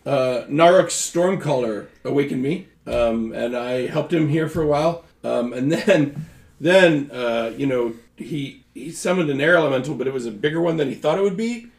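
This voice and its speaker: A man's voice: medium pitch, normal speed, close to an everyday voice. A man voicing a chatty, friendly male giant weasel who talks in an eager, rambling way. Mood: cheerful. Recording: roomy echo.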